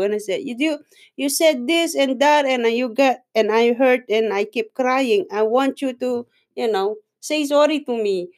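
A woman with a Filipino accent whose first language is Tagalog, chatting casually and emotionally with halting phrasing and frequent laughs. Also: on the high side, darkish tone. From Philippines. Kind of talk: casual chat.

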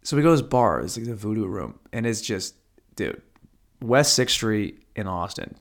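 A man's voice: fairly low pitch, animated, moderate pace. Male stand-up, storytelling; foul-mouthed, digressive, self-mocking. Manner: profane, rambling, self-deprecating. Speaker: stand-up comedian.

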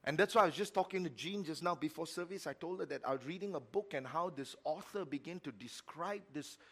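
A middle-aged man preaching a sermon as pastor, telling a story with emphatic repetition and sudden swings between loud and quiet. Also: a little high, fairly quick, slightly rough. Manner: repeats words for emphasis.

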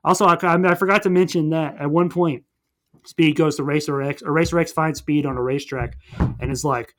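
A young man with a somewhat high-pitched voice rambles through a movie plot in casual conversation. He tells it in an animated way and slips into quick character voices as he goes. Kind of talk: casual movie recap chat.

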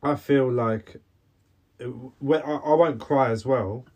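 An earnest man co-hosting a podcast, talking in halting bursts full of restarts. His pitch sits mid-range for a man, and a slight cough comes and goes. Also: a little mellow. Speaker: podcast co-host. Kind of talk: casual chat.

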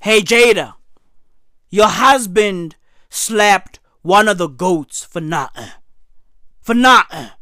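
A man giving a comedic, profane news rant. He is hoarse from losing his voice and keeps tossing in "right?" and "bruh". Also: sits high, very animated, slow pace, sharp tone, no echo, studio quality. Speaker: commentary vlogger.

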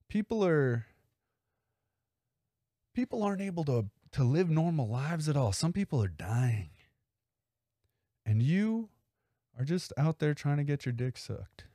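A man's voice: mid-range voice, dark tone, dry recording, studio quality. A man voicing his young male roommate, who lectures him in an indignant, exasperated way.

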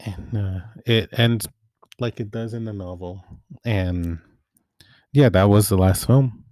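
A man's voice: on the low side, takes it slowly, no echo, studio quality. A young man giving a casual, rambling movie recap, often correcting himself mid-sentence. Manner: rambling, self-correcting, relaxed. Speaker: movie vlogger.

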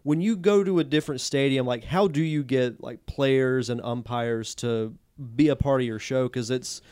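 A man's voice: medium pitch, moderate pace, a little mellow, smooth, no room sound, clean studio sound. A man hosting a podcast, asking a guest casual, rambling questions. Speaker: podcast host. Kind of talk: interview questions.

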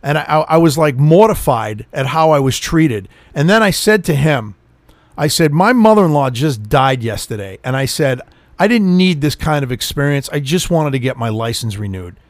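Lively, foul-mouthed man telling a story. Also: on the high side, moderate pace, dry recording. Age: middle-aged. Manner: animated, swears freely, acts out quotes. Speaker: storyteller on a chat show. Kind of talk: profane casual storytelling.

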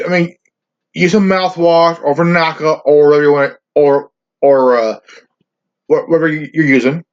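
A man hosts his own podcast in a profane, rambling rant, restarting sentences and stumbling as he goes. His voice sits a bit high for a man. The lo-fi recording sounds dull and muffled. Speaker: podcast host. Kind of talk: crude rambling monologue.

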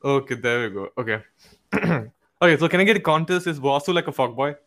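A man's voice: on the high side, a little fast, vocal fry, a bit bright. A young man co-hosting a podcast in a casual chat, blunt, joking and profane. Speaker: podcast co-host.

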